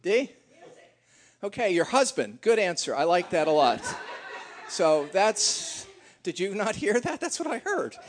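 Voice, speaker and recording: A middle-aged man leading a church gathering, joking and teasing his congregation in a casual, chatty way. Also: high voice.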